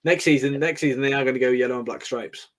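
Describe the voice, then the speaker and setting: A man's voice: medium pitch, steady tone, quick pace. A man co-hosting a podcast in casual chat, teasing and joking with his partner. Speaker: podcast co-host.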